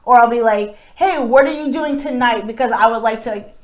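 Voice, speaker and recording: A woman's voice: on the high side, brisk, highs cut off. A young woman co-hosting a casual podcast chat, blunt and rambling, swearing freely. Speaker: podcast co-host.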